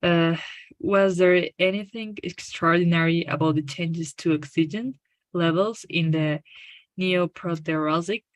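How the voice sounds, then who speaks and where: Hesitant woman student, slow halting speech. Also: lowish voice, steady tone, dry recording. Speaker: language student.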